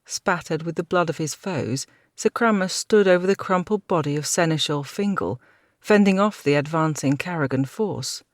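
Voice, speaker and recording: A woman narrating a fantasy audiobook with a steady, dramatic reading. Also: deep voice, moderate pace, dry recording.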